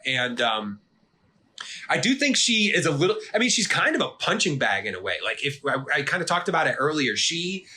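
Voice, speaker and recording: A man co-hosting an anime podcast in casual chat, animated and swearing, acting out characters' lines. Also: on the high side, fairly quick. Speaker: podcast co-host.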